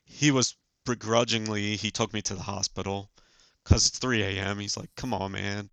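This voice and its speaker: Man in his forties, low gravelly voice, bright tone, earnest, halting podcast guest. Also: steady tone, no room sound. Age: 40s. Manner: earnest, halting, many fillers. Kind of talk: casual storytelling.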